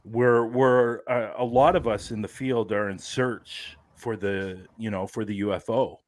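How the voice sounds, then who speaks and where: A man's voice: on the low side, unhurried, dry recording. A man joining a paranormal talk show, joking around in casual banter. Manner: joking, lively. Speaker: paranormal investigator co-host.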